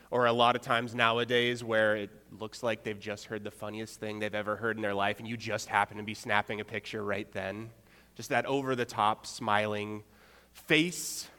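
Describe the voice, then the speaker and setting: A young adult man preaching a conversational sermon, relaxed, with rhetorical check-ins and wry asides. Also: mid-range voice, smooth. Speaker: pastor. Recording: long hall reverb.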